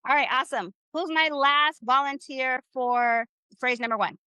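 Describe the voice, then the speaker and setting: A woman teaching Spanish in a live online class, upbeat and encouraging, slowly drilling phrases with her students. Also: high-pitched, bright, forceful tone, clear, resonant tone, no echo.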